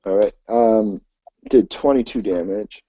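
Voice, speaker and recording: A man narrating as game master for a tabletop game, talking in a halting way with many ums and restarts. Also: on the low side, no room sound, muffled recording.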